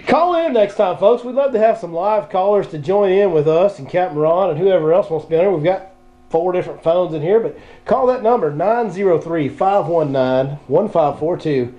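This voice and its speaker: A man hosting a casual fishing podcast, excitable and laughing a lot. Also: high-pitched, moderate pace. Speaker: podcast host. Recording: dull lo-fi podcast audio.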